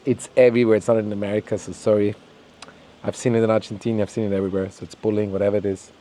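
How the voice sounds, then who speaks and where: Warm-voiced man on a heated rant. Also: lowish voice, little pitch movement, rapid-fire, a little hiss or hum. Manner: heated, ranting, swears, repeats words, mocks others in quoted voices. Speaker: podcast host. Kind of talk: opinionated monologue.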